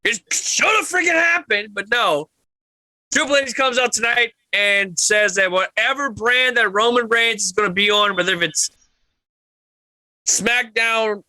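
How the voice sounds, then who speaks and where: A man hosting a casual wrestling podcast, loud and profane, yelling with excitement, his throat a bit sore. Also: sits high, no echo. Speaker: podcast host.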